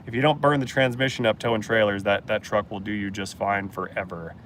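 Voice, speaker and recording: Man, low voice, blunt mechanic answering live chat, casual, faint outdoor noise behind. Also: steady tone, fairly quick, fairly bright tone. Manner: plainspoken mechanic, blunt and joking.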